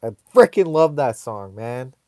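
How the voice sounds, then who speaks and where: A man's voice: medium pitch, big pitch swings, a little slow, a little mellow, no room sound, studio quality. A man hosting a casual live stream, rambling in a laid-back way and reading viewer comments aloud.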